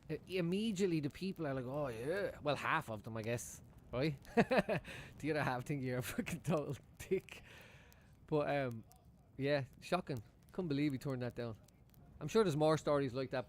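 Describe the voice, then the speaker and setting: Male football-fan streamer, higher-pitched voice, loose rambling chat full of swearing and laughter. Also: a little mellow, slight background noise. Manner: rambling, swears freely, chuckles often. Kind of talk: casual live-stream chat.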